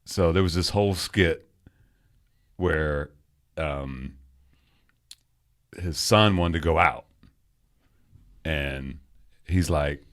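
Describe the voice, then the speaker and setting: A man's voice: very deep voice, very slow, long pauses. A man in his forties co-hosting a podcast, joking, swearing and laughing often while drinking beer. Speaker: podcast co-host. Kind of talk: casual chat over beers.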